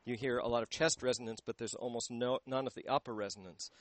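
A man, a voice teacher, explaining singing technique in a radio interview into a handheld microphone, pausing often to search for words. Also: mid-range voice, steady tone, dry recording.

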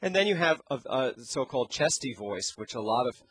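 Man, singing teacher, halting speech, average pitch, handheld mic. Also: big pitch swings, a crowd in the background. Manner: halting, searching for words. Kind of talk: explaining with sung demonstrations. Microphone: handheld microphone.

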